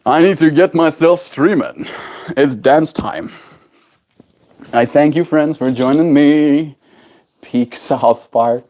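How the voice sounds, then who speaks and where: A man's voice: a little high, slow, long pauses, a little mellow. A man livestreaming casually, chatting to his pet bird in sing-song baby talk and reading viewer chat aloud. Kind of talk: casual live stream chat.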